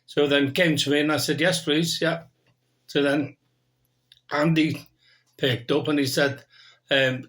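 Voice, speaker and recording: A man, a band member, telling a tour story in an unhurried way and acting out the conversation. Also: a little high, steady tone, fairly bright tone. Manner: plain, unhurried, acts out the dialogue. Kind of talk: anecdote telling.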